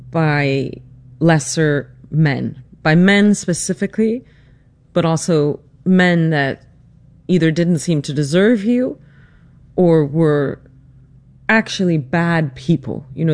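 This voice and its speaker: A narrator telling a family story in a reflective, earnest, measured way, and also interviewing their mother. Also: mid-range voice, a little mellow, no room sound. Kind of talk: personal documentary narration and interview.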